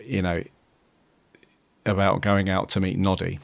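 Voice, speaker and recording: A man's voice: low voice, flat delivery, a little slow, vocal fry, dry recording. A man co-hosting a podcast, chatting casually and thinking aloud with frequent "um"s. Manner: hesitant, many "um"s while thinking aloud. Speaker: podcast co-host. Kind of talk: casual chat reviewing an episode.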